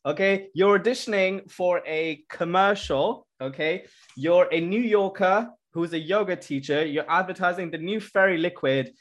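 Male podcast host, brisk, quick little "got it"s between questions. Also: on the high side, a bit bright. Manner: brisk, short acknowledgements. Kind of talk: casual interview.

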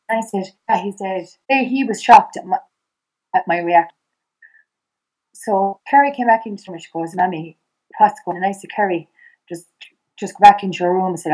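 A middle-aged Irish woman speaks as a guest in a conversation, her voice sitting at an ordinary pitch. She tells her story in quick, broken bursts and acts out the exchanges. She keeps circling back and restarting her sentences. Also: darkish tone, poor audio. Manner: fast, halting retelling that acts out past dialogue, with many restarts. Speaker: podcast guest.

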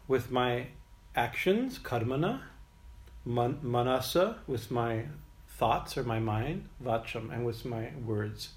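A man's voice: mid-range voice, moderate pace. A man teaching informally about worship prayers, rambling through restarts and asides, often chuckling and asking "right?". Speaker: spiritual teacher. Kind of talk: informal talk explaining prayers.

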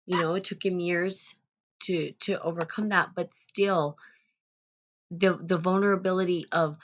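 A woman's voice: on the low side, steady tone, measured pace, lo-fi sound. A woman hosting a live stream, reading out viewer comments and telling an emotional personal story in a rambling way, close to tears. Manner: rambling, with frequent restarts and loud bursts. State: on the verge of tears.

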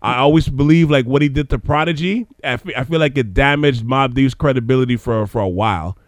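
A man hosting a relaxed hip hop chat, his voice close and dry with almost no room sound. He talks loosely, with plenty of fillers and restarts, steering the conversation along. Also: mid-range voice, brisk, no room sound. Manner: conversational, many fillers and restarts, leads discussion. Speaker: podcast host. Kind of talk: casual chat.

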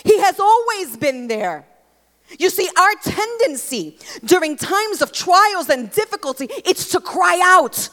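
A woman's voice: very high-pitched, a little slow. Woman preacher, sermon voice, swoops up and down a lot, big reverby church. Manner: expressive preaching, rising to emphatic bursts. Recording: long hall reverb.

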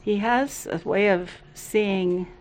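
A woman's voice: medium pitch, takes it slowly, darkish tone, a little hiss or hum. A middle-aged woman co-hosting a casual faith talk, playful and teasing. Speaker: co-host.

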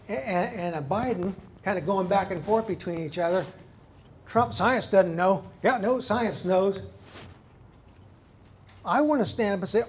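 A man preaching a sermon, swinging between loud, fiery outbursts and quiet, earnest passages. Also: sits high, creaky, slight background noise. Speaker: pastor.

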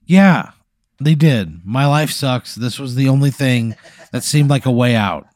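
A man's voice: medium pitch, animated, unhurried, darkish tone, no echo, clean studio sound. A man co-hosting a podcast, reacting in casual comedic banter with exasperated, profane remarks. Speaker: podcast co-host.

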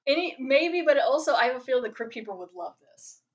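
A woman hosts a podcast, recapping an episode in a loose, rambling style dotted with "like" fillers. Her voice sits a little high, and the home microphone sounds poor. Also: expressive, fairly quick, muffled recording. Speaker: podcast host. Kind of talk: casual episode review chat.

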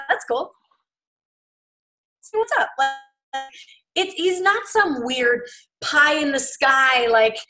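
A woman's voice: high voice, fairly bright tone, rough recording. A woman co-hosting a faith podcast, speaking in an earnest, emphatic way. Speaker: podcast co-host. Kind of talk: casual faith podcast chat.

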